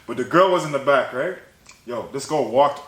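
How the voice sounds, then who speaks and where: A young man hosting a podcast, telling a story in casual chat, animated and laughing, with "bro" in nearly every line. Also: mid-range voice, moderate pace. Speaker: podcast host. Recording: roomy echo, faint noise.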